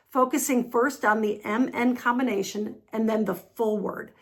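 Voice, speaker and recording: An upbeat woman with an American accent tutors learners through pronunciation drills, drawing out and repeating each sound with patience. Her voice sits a little high and carries a gravelly fry. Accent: General American. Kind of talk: online pronunciation lesson.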